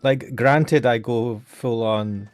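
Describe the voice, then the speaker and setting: A man's voice: medium pitch, slow, no echo. A man with a Scottish accent chatting casually on a game stream, joking around and swearing a lot. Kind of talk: casual chat.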